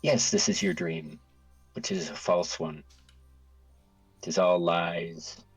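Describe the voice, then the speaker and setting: A man voicing a hateful young woman zealot of a monster cult, speaking in slow, venomous declarations. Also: deep voice, slightly rough, faint music behind, exaggerated voice, rough recording. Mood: scornful.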